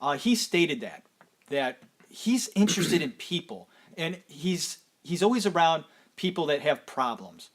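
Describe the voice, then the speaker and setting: A man co-hosting a casual podcast chat, easygoing and quick to chuckle. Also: a little high, sing-song. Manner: easygoing, chuckles often while talking. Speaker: podcast co-host.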